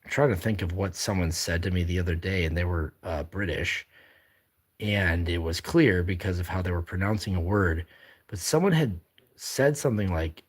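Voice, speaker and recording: A man's voice: sits low, moderate pace. A man hosting a casual live drawing stream, reading viewer comments aloud and chatting back in a rambling, upbeat way.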